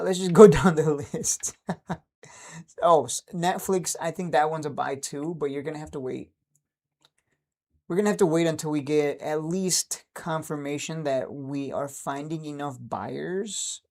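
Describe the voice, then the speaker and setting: A man's voice: fairly high pitch, gravelly, a little mellow. A man in his thirties chatting casually on a livestream, upbeat and laughing often. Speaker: stock trading streamer.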